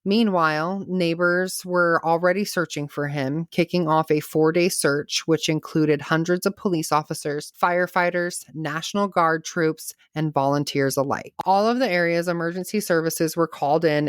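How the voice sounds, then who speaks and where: A woman with a low voice narrates a true crime case for a podcast. She reads steadily and breaks off now and then for casual asides and laughter. The sound is dry and close. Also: steady tone, normal speed, hardly any pauses, smooth, no room sound. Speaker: podcast host.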